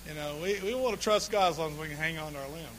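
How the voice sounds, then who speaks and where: A man preaching a humorous sermon, telling folksy stories with sudden bursts of shouting and laughter. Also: on the high side, very fast, a little hiss or hum.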